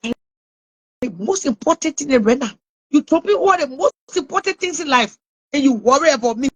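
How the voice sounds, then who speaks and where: A woman's voice: high-pitched, lively intonation, normal speed. A woman with a Liberian English accent, ranting and scolding someone online with mocking laughs. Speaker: online commentator. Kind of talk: taunting live rant.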